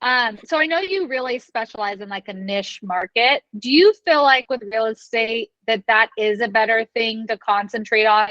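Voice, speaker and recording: A woman's voice: mid-range voice, fairly bright tone, no room sound. Woman, casual question, dull lo-fi audio, dry sound. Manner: casual, searching for words. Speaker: audience member asking a question.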